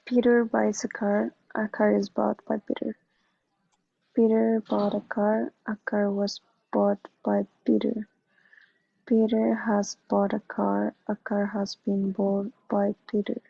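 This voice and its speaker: Flat, careful female student reader. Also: mid-range voice, slow pace, vocal fry, slightly rough, dry recording. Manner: careful, even reading. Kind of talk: reading example sentences aloud. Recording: dull, dry lo-fi audio.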